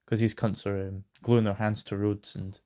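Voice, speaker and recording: A man's voice: fairly low pitch, little pitch movement, moderate pace, dark tone. A British man hosting a casual news rant. He rambles, swears a lot and fills his talk with ums and hesitations. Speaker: host.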